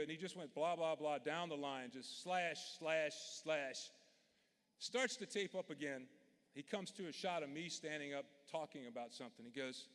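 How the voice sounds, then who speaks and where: His fairly high, somewhat bright voice moves at a moderate pace as the Louisiana-born speaker delivers a commencement address full of stories. He comes across as folksy, earnest and straightforward, with the long echo of a large indoor arena around him.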